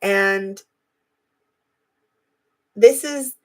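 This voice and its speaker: A woman's voice: medium pitch, drawn-out words, darkish tone. A young adult woman hosting a live video, talking casually and reflectively to her viewers. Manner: chatty, reflective, addresses viewers directly. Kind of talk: casual live-stream talk.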